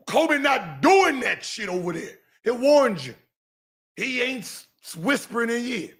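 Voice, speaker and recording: A man in his forties hosting a podcast, giving heated commentary and mocking someone in an animated, sing-song teasing way. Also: extremely high pitch. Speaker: podcast host.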